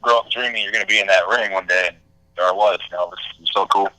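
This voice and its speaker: A young man talks about his wrestling career in a relaxed, rambling way. His voice sits fairly low but sounds bright and forward. The recording is dry, with no room around it. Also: rapid-fire, no room sound, poor audio. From Texas. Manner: easygoing, filler-heavy with many "uh" and "you know". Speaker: guest, independent wrestler. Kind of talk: podcast interview answers.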